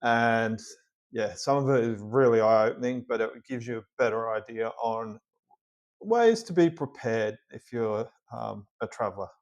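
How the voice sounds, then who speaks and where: An Australian man talks through a video in a relaxed, conversational way. His pitch is average for a man, and his manner is plainspoken and practical. He hands out straightforward advice rather than drama. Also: measured pace. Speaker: reaction video host. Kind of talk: casual reaction commentary.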